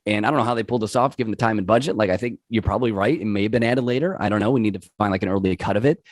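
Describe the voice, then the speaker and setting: A man hosting a podcast, casually recapping a horror movie in a halting, rambling way. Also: fairly low pitch, dry recording. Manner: rambling, halting with fillers and restarts. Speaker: podcast host recapping a film.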